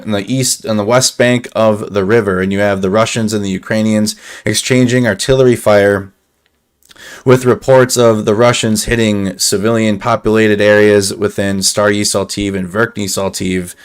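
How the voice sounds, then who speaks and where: A man's voice: on the low side, smooth. A man giving casual live commentary on war news over a map, thinking aloud with restarts and a slightly dry throat.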